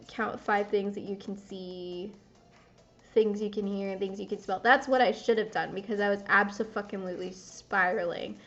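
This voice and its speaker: A young woman, rambling and swearing through a casual confessional vlog while gaming. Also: mid-range voice. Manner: rambling, swears often, self-interrupting. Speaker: vlogger. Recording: dull lo-fi audio.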